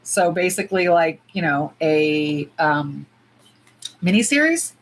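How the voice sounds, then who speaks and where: A woman's voice: low voice, expressive, slow, slight background noise, rough recording. A woman from the US, chatting casually and animatedly on a nail-swatching livestream, cursing freely and saying y'all. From United States.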